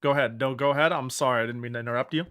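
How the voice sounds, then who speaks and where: A man's voice: mid-range voice, steady tone, rapid-fire, a bit bright, clean tone. A man streaming a game he is playing for the first time, chatting casually with sarcastic, exasperated remarks, swearing and laughing. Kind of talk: casual gameplay commentary.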